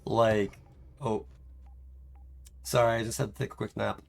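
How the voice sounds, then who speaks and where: A man's voice: fairly low pitch, little pitch movement, a little slow, gravelly. A man streaming a game live, chatting casually in a rambling, self-mocking way and laughing often.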